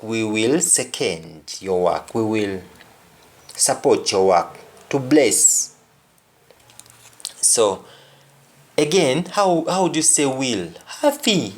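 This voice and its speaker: A man gives a language lesson at an unhurried pace, his pitch sitting in a middle range. He repeats every phrase and restates it in several ways so the learner can follow. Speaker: language teacher. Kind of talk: explanatory lesson.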